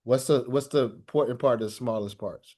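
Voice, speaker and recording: A man lecturing a language class at a middle pitch. He keeps asking the student questions, repeating himself and restarting phrases as he explains. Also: brisk, warm tone. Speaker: teacher.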